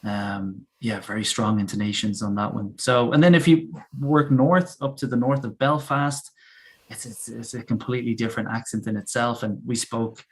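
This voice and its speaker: Irishman with a soft Dublin accent. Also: medium pitch, level tone, normal speed. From Ireland. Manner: chatty, explanatory, laughs easily. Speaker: guest English teacher. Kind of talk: casual live-stream chat.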